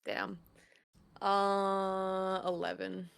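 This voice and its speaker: A woman playing a tabletop role-playing game, speaking slowly and tentatively. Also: mid-range voice, flat delivery, creaky, clean tone. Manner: slow, tentative with fillers. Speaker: player. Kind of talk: casual tabletop play.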